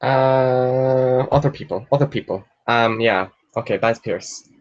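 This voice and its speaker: Young male book vlogger, casual and excitable, average pitch, dull home-webcam audio. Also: unhurried. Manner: chatty and excitable, swears freely, bursts into loud squeals of delight. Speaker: book vlogger hosting a live Q&A. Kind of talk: casual livestream chat, reading out viewer questions. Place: at home, sitting in a chair.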